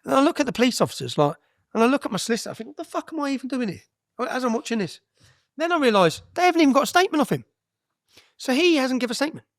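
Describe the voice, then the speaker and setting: A man's voice: extremely high pitch, sing-song, very fast, no echo, clean studio sound. A man, a guest on an interview podcast, telling his story bluntly and with energy, with frequent "yeah?" tags and some swearing.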